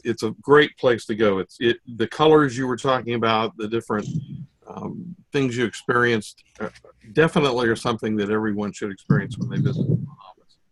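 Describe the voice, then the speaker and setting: A man giving a spoken evaluation of a speech over a video call, friendly and halting, with many fillers. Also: medium pitch, fairly bright tone, no room sound, rough recording. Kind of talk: online club speech evaluation.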